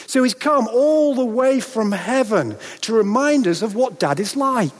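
A man preaching a sermon in a church, dramatic, with rhetorical questions and pauses for effect. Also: very high-pitched, animated. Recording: long reverb of a large hall.

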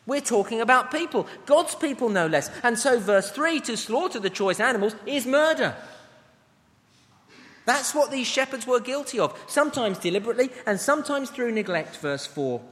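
A man with a notably high voice delivers a sermon in a church. He reads scripture passages aloud and breaks off for plain asides to the congregation. His words ring out with a long reverb from the hall. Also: animated, a little fast, a bit bright. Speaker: preacher.

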